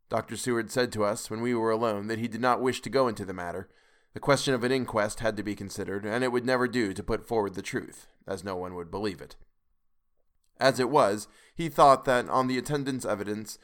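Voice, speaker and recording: Male podcast reader, measured and grave, classic novel narration. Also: lowish voice, fairly bright tone. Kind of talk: audiobook narration.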